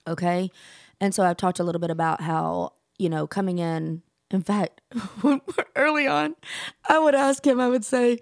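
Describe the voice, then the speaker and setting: Gravelly-voiced woman podcast host. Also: medium pitch, normal speed, no room sound, clean studio sound. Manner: emphatic, animated storytelling. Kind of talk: casual chat.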